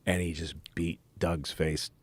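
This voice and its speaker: A man's voice: low voice, flat delivery, measured pace, breathy edge, no room sound. A man co-hosting a podcast, telling rambling school stories in casual chat and laughing often, recorded on a studio mic. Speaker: podcast co-host.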